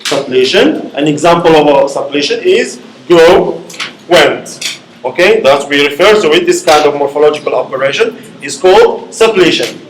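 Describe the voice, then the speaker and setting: A man's voice: fairly high pitch, expressive, a little hiss or hum. A male university lecturer teaching a class, often checking in with "okay?" as he explains. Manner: repeats "okay?" to check understanding, slow and deliberate. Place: lecture hall. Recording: echoey classroom.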